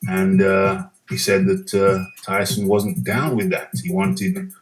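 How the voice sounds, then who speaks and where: A man's voice: low-pitched, slow pace, vocal fry, faint music behind, poor audio. A man hosting a live boxing chat show, musing casually and reading out viewer comments. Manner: relaxed, musing, reads viewer comments aloud.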